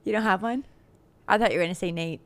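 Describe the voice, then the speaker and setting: A young woman co-hosting a casual podcast, chatting lively with her husband and laughing often as she tells family stories. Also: medium pitch, fast talker. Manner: giggly, animated, laughs often. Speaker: podcast co-host. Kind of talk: casual chat.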